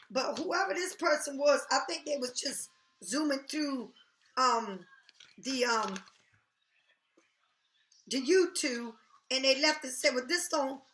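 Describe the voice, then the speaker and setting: A woman's voice: high-pitched, bright, forceful tone. A woman tarot reader talking straight to her viewers in a blunt, heated, profane rant. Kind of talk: casual direct-to-camera rant. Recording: echoey room.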